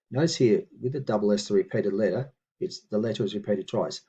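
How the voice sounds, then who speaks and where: Male language tutor, calm and reassuring, low-pitched with a soft husky edge. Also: muffled recording. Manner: patient, reassuring, reads phrases slowly and deliberately. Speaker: language teacher. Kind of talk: relaxed spoken lesson.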